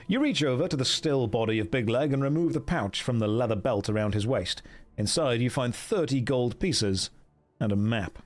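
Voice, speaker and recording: An Englishman reading an adventure gamebook aloud to a stream audience, with a voice at an average pitch for a man. His narration is steady and dramatic, and he regularly breaks off into quick joking asides and laughs at himself. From England.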